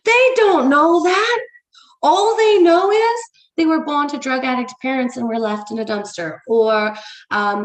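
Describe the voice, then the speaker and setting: A woman's voice: on the high side, reverberant, poor audio. A woman with an English accent leading a ministry livestream, talking casually and frankly to viewers, swearing for emphasis and greeting them by name. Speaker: ministry leader. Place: room, livestream.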